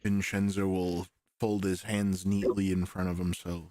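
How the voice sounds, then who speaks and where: A man playing a tabletop role-playing game, speaking in a quiet, measured way. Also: sits low, flat delivery, no room sound, studio quality. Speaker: player. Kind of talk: casual tabletop game play.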